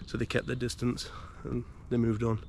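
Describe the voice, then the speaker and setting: A bit of hiss or hum sits under this woodland vlog, where a UK man camping alone explains his equipment step by step in a casual chat to camera. His mid-range voice is completely flat, hushed to a half-whisper, and moderately paced.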